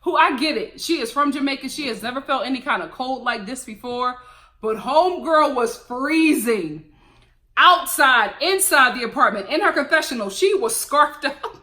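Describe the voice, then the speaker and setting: Sassy, animated woman ranting a TV recap. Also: high voice, normal speed. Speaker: TV recap vlogger. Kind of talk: casual reality-TV review.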